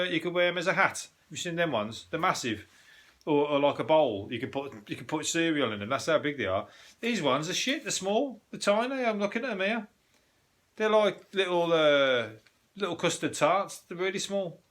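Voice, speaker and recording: A man's voice: mid-range voice, a bit bright. A man hosting a casual solo show, riffing on the news in a sweary, jokey, rambling way. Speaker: podcast host.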